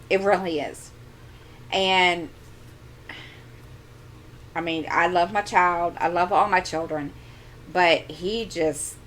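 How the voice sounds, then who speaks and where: A middle-aged woman with a fairly low voice talks casually into a desk microphone in her home craft corner. She rambles through an exasperated story and keeps doubling back with asides. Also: a bit bright, slight background noise. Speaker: crafting channel host. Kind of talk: casual chat.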